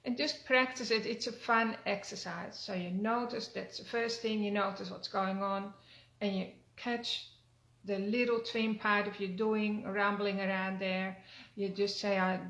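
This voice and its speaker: A woman with a gravelly, creaky voice leads a spoken wellness talk in an echoey room. She talks gently and repeats phrases, and her pitch stays flat and even. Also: unhurried. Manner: gentle, repetitive, with fillers. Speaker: wellness teacher. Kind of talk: spoken self-help talk.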